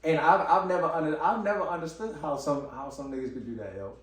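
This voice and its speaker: A man's voice: on the high side, fast. Emphatic man, echoey and distant. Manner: animated, emphatic, slangy. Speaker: podcast host. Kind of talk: casual chat. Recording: echoey room, far from mic, background noise.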